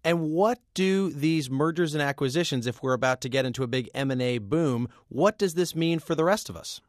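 Brisk male news anchor, dry studio. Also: on the high side, no echo. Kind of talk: scripted news reading and interviewing.

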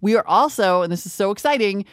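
A woman co-hosting a chat podcast, upbeat and chatty with quick asides and playful sound effects. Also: mid-range voice, expressive, dry recording, clean studio sound. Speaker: podcast co-host. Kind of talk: casual chat.

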